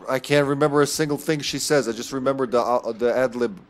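A man's voice: medium pitch, fast talker. A man streaming an online game and chatting casually with friends, joking and swearing, laughing often. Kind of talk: casual gaming chat.

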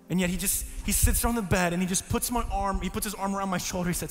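A young man preaching a sermon, telling a personal story, swinging between hushed lows and pleading highs. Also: fairly even intonation, rapid-fire, hardly any pauses, big-room sound, faint music behind. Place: church hall.

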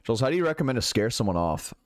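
A man's voice: mid-range voice, sing-song, rapid-fire, no room sound, studio quality. A young man streaming live, casually chatting and answering viewers' chat questions while swearing freely.

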